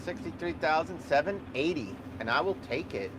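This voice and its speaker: A man's voice: on the high side, very animated, normal speed. A man vlogging live from his dump truck cab, rambling and joking as he drives. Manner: rambling, jokey, easygoing, thinks aloud with fillers. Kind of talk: casual live vlog while driving. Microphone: small camera or phone mic in the cab. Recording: faint truck engine noise.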